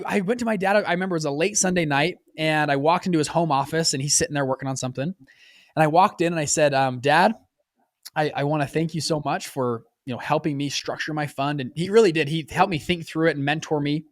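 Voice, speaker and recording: A fund manager in his twenties appears as a guest on an interview podcast, telling his story in a lively, casual way. His pitch jumps up when he acts out quotes, he talks quickly, and the recording is dry.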